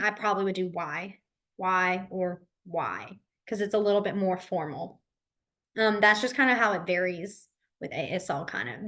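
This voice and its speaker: A young woman teaching a beginner sign language class in a casual, reassuring way. She says each sign aloud slowly and repeats it, with lots of fillers and restarts. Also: medium pitch, fairly bright tone. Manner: says the signs aloud in slow repeated words.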